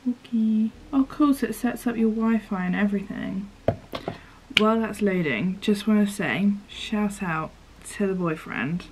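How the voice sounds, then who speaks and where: A woman's voice: medium pitch, normal speed, a little mellow, slight background noise. A young woman in a casual unboxing vlog, chatting and swearing casually, and often dropping to a whisper as she reads the screen aloud. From United Kingdom. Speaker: vlogger.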